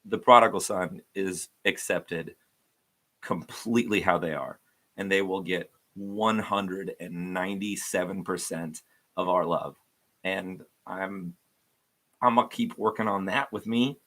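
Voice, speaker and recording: A man's voice: low voice, measured pace, fairly bright tone. A man giving an informal, earnest devotional talk to viewers, rambling with frequent restarts.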